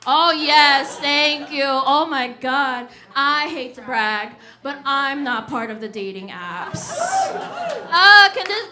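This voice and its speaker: A young woman from the Washington D.C. and Virginia area performing a stand-up comedy set on a live stage, animated and punchy as she works the crowd. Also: extremely high pitch, background noise. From Washington D.C. / Virginia area, USA. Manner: animated, crowd-working, punchy delivery with laughs in the voice.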